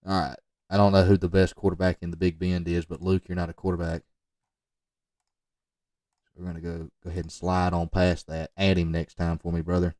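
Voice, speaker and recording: A man with a low voice talks over football highlight film in loose, rambling commentary, and he keeps sliding into joking asides aimed at the players. He sounds dry and set back from the mic. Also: flat delivery, a little fast, darkish tone, no echo, distant mic. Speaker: football recruiting video reviewer. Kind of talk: off-the-cuff commentary on game film.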